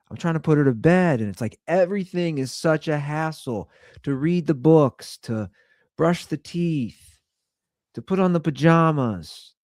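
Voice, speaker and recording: American guy in his 30s ranting, fairly high voice that jumps all over, dry close sound. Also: no echo. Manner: animated, acts out quotes in higher voices. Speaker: podcast host. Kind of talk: casual rant.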